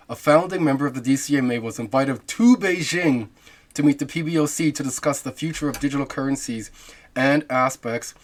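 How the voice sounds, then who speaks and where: A man hosting a crypto channel, musing aloud over on-screen material with rhetorical questions and frequent fillers. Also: medium pitch. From half Jamaican. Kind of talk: casual screen-share commentary.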